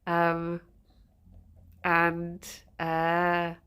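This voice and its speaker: A woman's voice: on the low side, monotone, drawn-out words, fairly bright tone, clean tone. A woman streaming casually, giggly and rambling, chatting with viewers and talking to her rabbits, a bit sniffly.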